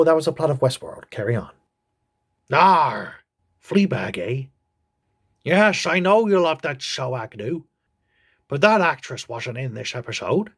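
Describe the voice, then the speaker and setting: A man hosting a comedic TV review, mocking the episode with crude, deadpan jokes. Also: mid-range voice.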